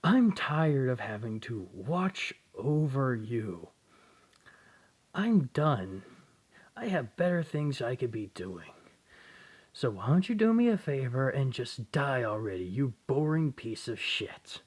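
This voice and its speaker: A man voicing a scornful, cruel young woman who taunts and curses in a raised, louder voice while telling a story. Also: mid-range voice, sing-song, slow, slightly rough, heavily acted. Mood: vicious taunting. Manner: sneering, taunting, profane.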